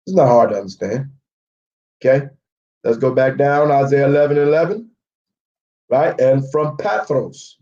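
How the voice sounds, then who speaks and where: A man's voice: mid-range voice, moderate pace, long pauses, mellow, highs cut off. A man giving a live Bible history lesson, walking through maps and word studies and checking in with listeners by asking "okay?" again and again. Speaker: Bible teacher.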